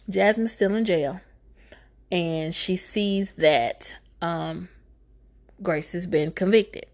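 A woman recapping a movie in a casual, comedic way, talking fast, swearing freely, and making sarcastic asides. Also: lowish voice. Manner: profane, sarcastic, talks fast.

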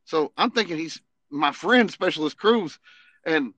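A man, an Army veteran and podcast host, telling a casual, animated story full of swearing and "you know what I mean". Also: fairly high pitch, a little slow, dry recording, muffled recording.

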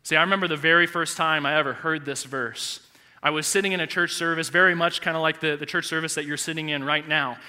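A male pastor in his thirties preaching a sermon in a large church, telling a personal story with animated, heartfelt delivery. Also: fairly high pitch, fast talker, smooth. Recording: echoey church hall reverb.

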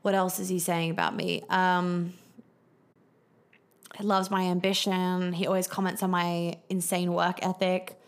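A woman's voice: lowish voice, little pitch movement, measured pace, clean tone. A young woman hosting a podcast, chatting casually through viewer questions, with lots of fillers and swearing. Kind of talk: casual live Q&A chat.

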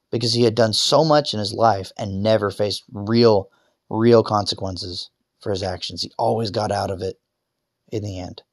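Guy talking from bed about a friend, deepish voice, stumbles over words then gets heated and cusses. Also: a bit bright, no room sound, clean studio sound. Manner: swearing, halting restarts, rising to angry outbursts. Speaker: podcaster telling a personal story. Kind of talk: emotional personal storytelling. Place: lying in bed.

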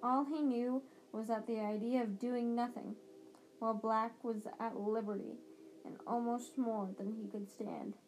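A woman's voice: a little high, fairly even intonation, a little slow, darkish tone, a little hiss or hum, poor audio. A woman reading a novel aloud as an amateur audiobook reader, with occasional slips and restarts.

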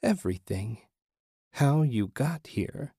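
A man voicing a calm disembodied female spirit who speaks quietly and slowly. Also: mid-range voice, husky, no echo, studio quality, pitched above the performer's own voice, full character voice.

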